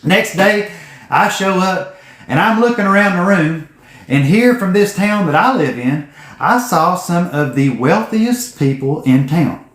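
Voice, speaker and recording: A man in his forties speaks in a fairly high voice with a blunt, cussing, folksy storytelling manner. His voice rings around an echoey room. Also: animated, unhurried, fairly bright tone. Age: 40s. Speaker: vlogger. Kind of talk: casual storytelling to camera. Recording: roomy echo.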